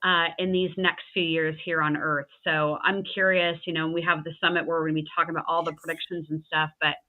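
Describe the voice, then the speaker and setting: A woman's voice: low-pitched, level tone, fairly quick. Earnest woman host over tinny call audio. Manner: thoughtful, earnest, some restarts. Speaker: podcast host. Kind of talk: casual interview chat.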